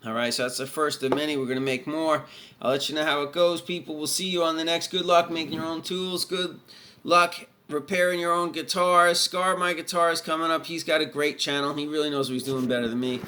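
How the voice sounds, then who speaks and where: A man's voice: on the high side, little pitch movement, fairly quick, noisy background. A man chatting casually in a guitar repair vlog, rambling and folksy, thinking aloud as he goes.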